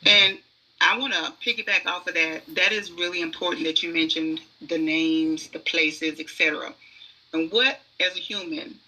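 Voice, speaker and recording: Woman, oracle card reader, podcast guest, husky voice, very sharp and forceful tone, emphatic storyteller. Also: on the low side, fairly even intonation, moderate pace, rough recording. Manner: emphatic, acts out inner voices.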